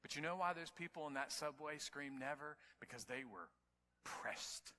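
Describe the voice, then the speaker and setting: A man preaching a sermon to his congregation, telling stories and building to near-shouts at the climaxes. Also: fairly high pitch, steady tone, brisk, big-room sound, a little hiss or hum. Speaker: pastor. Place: church sanctuary.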